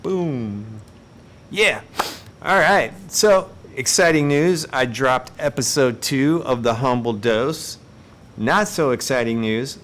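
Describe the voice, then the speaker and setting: A man hosting a live stream, telling everyday stories in a casual, animated, self-mocking way and laughing between lines. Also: medium pitch.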